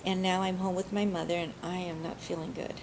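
Older woman with a gravelly, low voice. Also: level tone, a little fast, noisy background. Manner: chatty, often laughing while recalling. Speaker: interviewee. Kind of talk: oral history storytelling.

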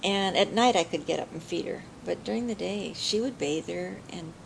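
An older woman with a lowish, gravelly voice recounts family memories for an interviewer. She talks in a chatty way and laughs often as she remembers. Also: normal speed, slight background noise, low-quality recording. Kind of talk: oral history storytelling.

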